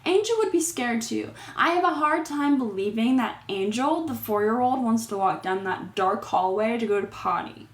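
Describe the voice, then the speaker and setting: A woman's voice: a little high, animated, moderate pace, few pauses, roomy sound. A woman casually recapping a horror movie, with exasperated, sarcastic commentary on the characters.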